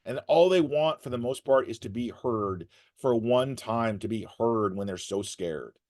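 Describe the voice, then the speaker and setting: A man's voice: mid-range voice, measured pace. A man giving advice to emergency workers, telling stories and acting out the people in them. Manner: animated, acts out quotes in story. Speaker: guest speaker on resilience. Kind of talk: storytelling advice talk.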